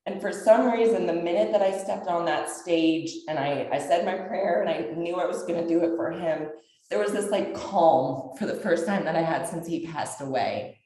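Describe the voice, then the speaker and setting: A woman telling a personal story as an interview guest, halting with many fillers and restarts, choked up at times. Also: lowish voice, warm tone, echoey room.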